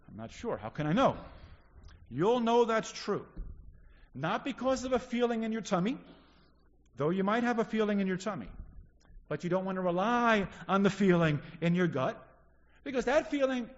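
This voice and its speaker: Earnest high-voiced preacher in a reverberant hall. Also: male voice. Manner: earnest, repeats key phrases for emphasis. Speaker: pastor. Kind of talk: sermon. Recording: dull recording in a reverberant hall.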